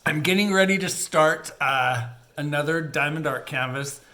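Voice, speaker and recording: A man's voice: a little high, fairly even intonation, unhurried, sharp tone, reverberant. A middle-aged man chatting casually to viewers while he works on a diamond painting, rambling and laughing often. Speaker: crafting channel host.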